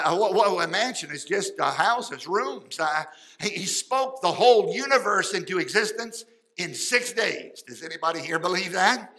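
A man preaching a sermon, folksy and fervent, swinging between loud outbursts and quiet asides. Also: fairly high pitch, rough recording. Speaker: pastor.

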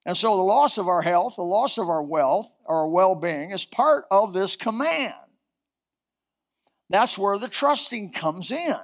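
A man preaching a sermon, reciting scripture and rising to sudden loud outbursts. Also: high voice, lively intonation, a little slow. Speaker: pastor.

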